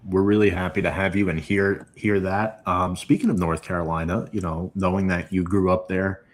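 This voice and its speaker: A man's voice: low-pitched, little pitch movement, normal speed. A man hosting a podcast in an upbeat, friendly way. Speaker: podcast host.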